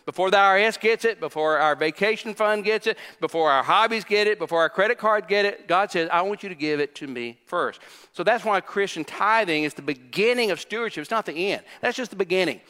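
A pastor in his sixties delivers an emphatic sermon in a church sanctuary, his voice sitting high, brisk, pushed, and bright. He repeats phrases and puts questions to the congregation, with long hall reverb from the church on the recording.

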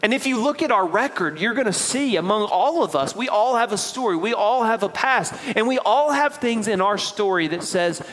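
A man's voice: sits high, expressive, moderate pace, hardly any pauses, fairly bright tone, big-room sound, slight background noise, poor audio. A man with a Tennessee accent preaching a sermon from the pulpit, explaining scripture step by step in a conversational way. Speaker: pastor. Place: church sanctuary.

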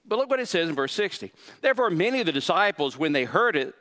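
A man pastor preaching a sermon, animated and acting out quoted voices, often repeating words for emphasis. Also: a little fast. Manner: animated, acts out quoted voices with rising pitch; repeats words when stressing a point.

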